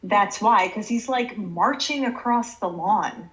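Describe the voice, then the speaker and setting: A woman hosting a casual podcast chat, recapping scenes in an animated way and swearing freely. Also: medium pitch, slow pace. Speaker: podcast host.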